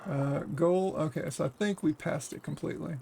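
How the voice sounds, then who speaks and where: A man hosting a let's play, chatting casually over the game with dry, teasing remarks. His voice sits a little high, and faint noise hums underneath. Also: normal speed, vocal fry, warm tone.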